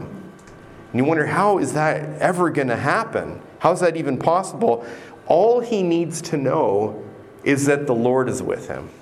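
A man preaching a sermon in a slow, deliberate way, pausing often and repeating words for emphasis. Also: mid-range voice, a little hiss or hum. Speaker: pastor.

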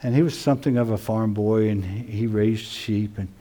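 A male pastor preaching a sermon to his congregation, swinging from loud emphasis to hushed, near-whispered lines. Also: on the low side, steady tone, normal speed. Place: church sanctuary.

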